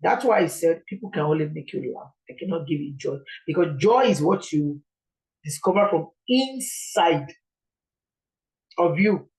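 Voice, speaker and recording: A woman's voice: deep voice, animated, a little slow, darkish tone, poor audio. A Nigerian woman preaching an informal sermon in an earnest, pleading way, repeating her points.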